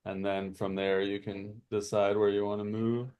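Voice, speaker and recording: A man running a tabletop game as game master, unhurried and full of fillers. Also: lowish voice, little pitch movement, darkish tone, clean tone, lo-fi sound.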